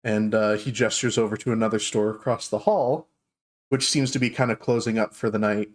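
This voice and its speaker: A man's voice: lowish voice, fairly even intonation, a little fast. A man narrating a fantasy tabletop game as game master, in a loose, filler-heavy way.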